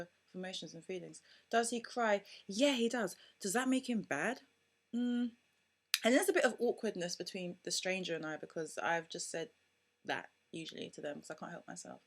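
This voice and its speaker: A young woman, a mother vlogging to camera in casual, outspoken and animated talk. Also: on the low side, moderate pace. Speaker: parenting vlogger.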